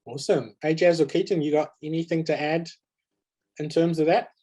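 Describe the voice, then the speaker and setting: A man moderating a panel discussion in a relaxed, conversational way. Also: a little high, brisk, husky. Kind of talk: panel moderation on a video call.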